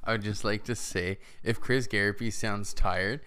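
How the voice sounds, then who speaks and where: A man's voice: fairly low pitch, steady tone, bright, forceful tone, clean tone. A man co-hosting a casual podcast, cracking jokes and swearing casually at his friends. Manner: unhurried, wisecracking, swears casually. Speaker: podcast co-host. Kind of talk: casual chat.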